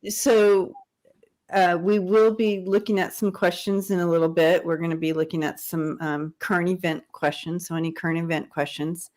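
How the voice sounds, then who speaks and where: A woman's voice: fairly low pitch, fairly even intonation, normal speed, a little mellow. A middle-aged woman hosting a casual livestream chat, talking in a rambling way with many restarts. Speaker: host.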